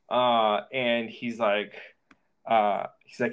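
A man on a podcast, telling a personal story in a casual, animated way, swearing freely and acting out the dialogue. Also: medium pitch, normal speed.

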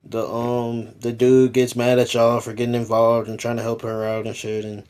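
A man's voice: medium pitch, monotone, normal speed, a little mellow, smooth. A man in a casual podcast chat, telling stories in laid-back slang and swearing a lot. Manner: laid-back slangy storytelling, heavy profanity.

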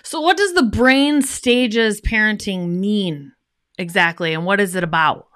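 A woman's voice: mid-range voice, unhurried, fairly bright tone, clear, resonant tone. A woman co-hosting a podcast interview, giving short encouraging replies and asking questions. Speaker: podcast co-host.

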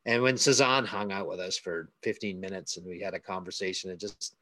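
A man's voice: deep voice, fairly even intonation, a little fast, bright, forceful tone, dry recording. A man on a casual panel, joking and bantering with a laugh. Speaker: panel guest.

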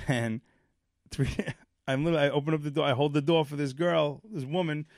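A man's voice: a little high, fairly quick, no echo, clean studio sound. Rambling storyteller man from Brooklyn. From Brooklyn, New York. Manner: animated, rambling, many fillers, acts out quotes. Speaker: podcast co-host. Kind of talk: casual storytelling chat.

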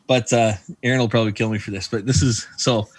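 A man's voice: lowish voice, fast talker, slightly rough, no room sound. A man co-hosting a podcast, telling a home story in casual chat and laughing through it. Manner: animated, laughs through his stories. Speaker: podcast co-host.

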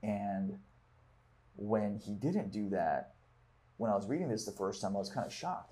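Man, lowish voice, reads aloud and reflects casually, group discussion leader. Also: lively intonation, measured pace, long pauses, dark tone. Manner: reads passages aloud, then reflects with fillers. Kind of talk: book club discussion.

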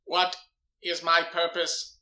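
An earnest killer robot speaks in stiff, formal phrases, as a man plays him at a game table. The voice is high and very bright, with a roomy echo around it. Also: monotone, slow pace, heavily acted. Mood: flat earnest. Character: earnest, literal-minded male killer robot.

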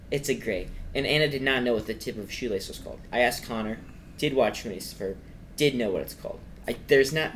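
A man's voice: medium pitch, fairly bright tone. Young male podcast co-host, rambling casual chat, mid-range voice, faint hiss. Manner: rambling, chatty, trails off mid-sentence.

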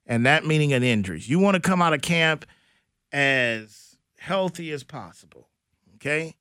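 A man hosting a sports radio show, talking in a blunt, animated, slangy way about football news. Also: on the high side, normal speed, smooth, no room sound, studio quality. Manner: animated, blunt, slangy, does mock voices. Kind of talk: casual sports talk.

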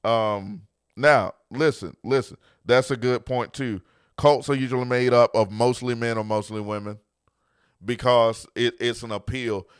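A man who is a pastor and podcast host, talking in an emphatic preaching style, repeating phrases for stress and dropping quieter to tell a story. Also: mid-range voice, steady tone, measured pace, clear, resonant tone, no room sound, clean studio sound.

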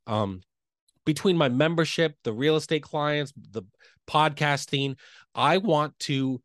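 Earnest male podcast guest, quick and eager, a touch high-pitched, recorded dry. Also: dry recording. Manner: earnest, fast, enthusiastic talker with frequent "right?" tags. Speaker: real estate coach and realtor.

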